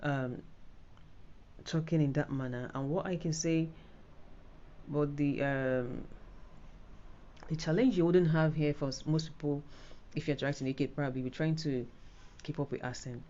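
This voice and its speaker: A woman's voice: low voice, fairly even intonation, normal speed, pauses often, warm tone, highs cut off. A Nigerian woman giving a casual, rambling spoken tutorial on an exam, full of fillers and restarts. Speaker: IELTS tutor.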